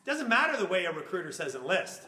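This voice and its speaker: Man, Bible class teacher, high bright voice, animated, echoey classroom. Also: fast talker. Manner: animated, acts out little scenes with funny voices.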